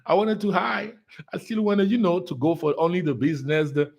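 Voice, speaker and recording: A man's voice: a little high, fairly even intonation, fairly quick, gravelly. A man talking as a spiritual life coach on a casual solo livestream, earnest, repeating words for emphasis, with fillers. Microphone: solo live stream setup.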